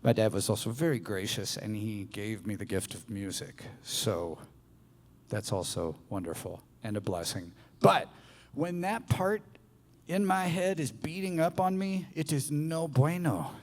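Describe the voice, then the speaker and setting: Man, playful live speaker, medium pitch, long venue reverb. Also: measured pace. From American South. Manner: playful, animated, audience-addressing. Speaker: public speaker. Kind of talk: live motivational talk. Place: live bar venue with audience.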